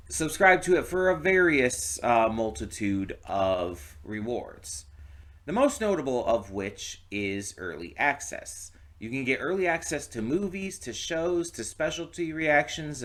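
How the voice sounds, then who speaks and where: Slow, rambling male reaction host. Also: fairly low pitch, fairly bright tone. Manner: rambling, frequent "like" and restarts. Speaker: movie reaction channel host. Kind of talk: casual direct-to-camera chat.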